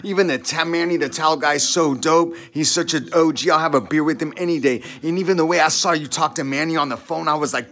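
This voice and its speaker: A man's voice: a little high, fast talker, few pauses, fairly bright tone. A man ranting in a casual monologue, profane and heated, rambling and tacking "dude" onto his sentences. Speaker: podcast talker.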